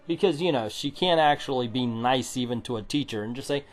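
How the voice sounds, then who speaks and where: A man's voice: medium pitch, brisk, few pauses. A middle-aged man reviewing a comic book, sarcastic and ranting, swearing now and then. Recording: music playing under the voice. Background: background music.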